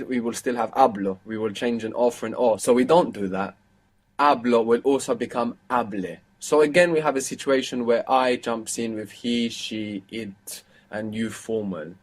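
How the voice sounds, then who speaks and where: A man gives a live online language lesson in a patient, explanatory way. He speaks at an ordinary, mid-range pitch and keeps stopping to quiz his students with short questions. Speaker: language teacher.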